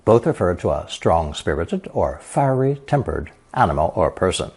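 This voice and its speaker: A man narrating a scripted language lesson, explaining characters slowly and reading example sentences. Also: low voice, very animated, a little mellow, breathy edge. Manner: slow, measured explanations with example sentences read aloud. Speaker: language teacher.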